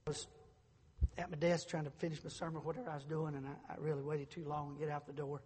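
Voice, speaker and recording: A middle-aged male pastor preaching a sermon in a church, moving from quiet storytelling to shouted preaching. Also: on the high side, little pitch movement, quick pace, husky, in a large hall. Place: church sanctuary.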